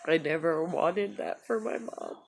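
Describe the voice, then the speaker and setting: A woman tearfully talking in a personal video journal, halting and soft-spoken. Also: on the low side, gravelly, slightly rough. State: crying. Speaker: vlogger.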